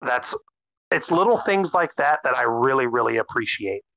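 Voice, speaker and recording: A man co-hosting a casual anime recap podcast, animated and swearing freely. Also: medium pitch, vocal fry, no echo, muffled recording. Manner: animated, swears freely, acts out characters in quick bursts. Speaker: podcast co-host.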